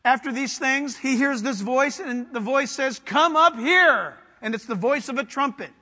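A man's voice: very high voice, normal speed, bright, forceful tone. A man preaching a sermon to his congregation with fervent emphasis, putting questions to them and waiting for answers. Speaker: pastor. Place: church sanctuary. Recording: long hall reverb.

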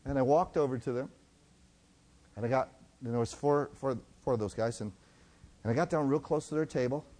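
A middle-aged man preaching a sermon, telling stories and swinging from loud to hushed. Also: mid-range voice, fairly quick, long pauses. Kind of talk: sermon storytelling.

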